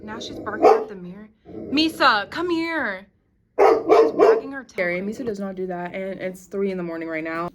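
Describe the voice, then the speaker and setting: At home, a vlogger in her twenties chats with her viewers, calling them y'all as she tells her story in a talkative, casual way. Her voice is mid-range at a moderate pace, with heavy background noise behind her.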